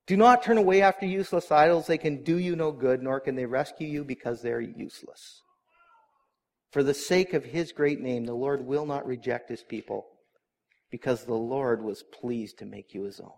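A middle-aged man preaching a sermon, earnest and animated, with asides to the congregation. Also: mid-range voice, moderate pace. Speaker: pastor.

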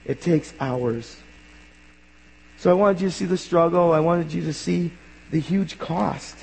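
A male pastor preaching a sermon in an earnest way, rising to emphatic bursts and dropping quiet. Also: a little high, a little slow, creaky, a little hiss or hum. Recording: long hall reverb.

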